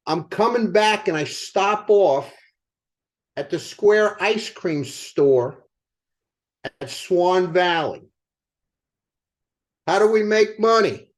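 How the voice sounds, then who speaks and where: An older man with a high-pitched voice delivers a motivational sales talk. He tells it as a lively story and keeps asking his listeners rhetorical questions. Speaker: company co-founder speaking to sales team.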